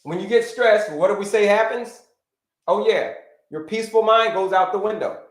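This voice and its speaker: High-voiced man teaching in a roomy echo. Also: moderate pace. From United States. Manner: animated teacher, repeats key points, greets viewers by name. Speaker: health coach, livestream host. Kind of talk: livestream health lesson. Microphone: livestream setup.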